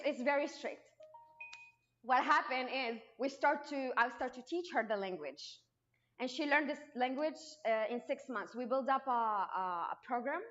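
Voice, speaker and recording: A woman from Morocco with a Moroccan accent and Arabic as her first language, telling her personal testimony at church in a lively way with frequent restarts. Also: a little high. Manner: lively storytelling with frequent restarts and acted quotes. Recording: dull lo-fi sound.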